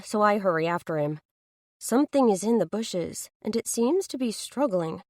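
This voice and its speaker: A woman's voice: fairly low pitch, darkish tone, no echo, clean studio sound. Earnest woman narrating an audiobook. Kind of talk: first-person audiobook narration.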